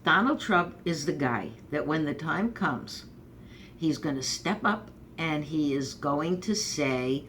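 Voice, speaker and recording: Low-voiced New woman, sarcastic. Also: slow, a little hiss or hum. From Brooklyn, New York. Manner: rambling, sarcastic, animated asides. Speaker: host. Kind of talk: casual political commentary monologue.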